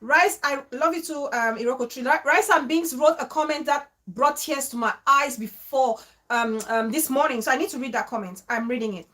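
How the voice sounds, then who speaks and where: A woman with a high-pitched voice hosts her own vlog, speaking emotionally and exclaiming as she reads viewer comments aloud. She is from Cameroon and breaks off her reading with her own asides to the audience. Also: moderate pace, hardly any pauses, a bit bright. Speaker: vlogger.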